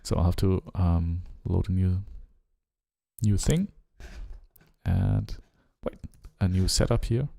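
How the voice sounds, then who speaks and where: A man with a German accent chatting casually during a live music-production stream, musing and relaxed, humming rhythms and trailing off. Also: sits low, takes it slowly, vocal fry. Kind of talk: casual live-stream chat while working.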